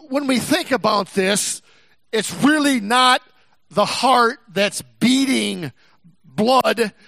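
A man's voice: very high-pitched, creaky, sharp tone, no room sound. A man from Texas preaching a sermon in a folksy, rambling way, with frequent restarts and asides. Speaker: pastor.

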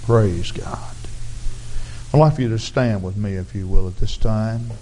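A man preaching an altar call, his raspy voice earnestly pleading with the congregation to come forward. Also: on the low side, measured pace, dark tone, slight background noise, rough recording. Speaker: pastor. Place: church sanctuary.

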